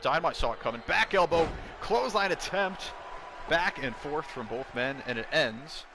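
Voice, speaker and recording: Brief: male play-by-play caller for a wrestling video game, mid pitch, gets loud and excited, clear background noise. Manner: excitable, bursts into shouts at big moves.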